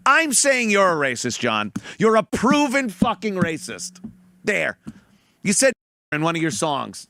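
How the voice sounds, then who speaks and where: Male host, high lively gravelly voice, bright tone, sneering commentary, dry sound. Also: a little slow, no room sound. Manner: mocking, profane, mimics voices. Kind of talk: reaction commentary on clips.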